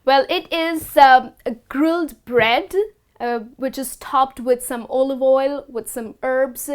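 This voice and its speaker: A woman teaching the correct pronunciation of food words, speaking slowly and deliberately and repeating each word with care. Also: high voice, steady tone, clean tone. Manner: instructive, slow and deliberate, repeats words carefully. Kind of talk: scripted lesson to camera.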